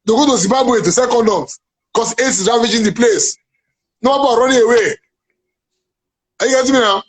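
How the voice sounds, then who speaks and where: A man with a Nigerian accent speaks emphatically and preachily in an interview. His voice sits high and sounds husky, and he keeps checking that the listener follows him. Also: a little fast, rough recording. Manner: emphatic, preachy, repeats "are you getting me now". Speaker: guest, playwright and businessman. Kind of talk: animated interview chat.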